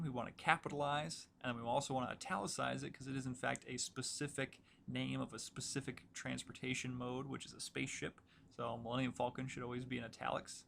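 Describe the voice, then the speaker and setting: A man teaching a recorded writing lecture, explaining in a casual, relaxed way with many fillers as he works through examples at his computer. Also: mid-range voice, gravelly, a little hiss or hum. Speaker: writing instructor.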